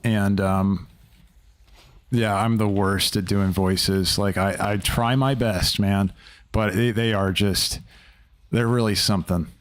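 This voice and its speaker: A man's voice: lowish voice, fairly even intonation, slow. A young man streaming a video game live, chatting loosely and rambling, swearing casually as he plays.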